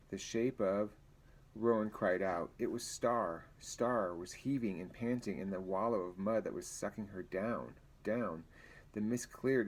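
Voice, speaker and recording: A man's voice: lowish voice, darkish tone, poor audio. A man reading a novel aloud in a plain, conversational way, sometimes stumbling over words and adding casual comments. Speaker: reader.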